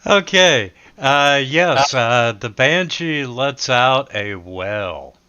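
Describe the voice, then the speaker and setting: A man narrating as game master in a very slow, halting delivery full of fillers. His voice is bright and smooth. The recording sounds dull and lo-fi. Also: medium pitch, lively intonation. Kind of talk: running a tabletop game online.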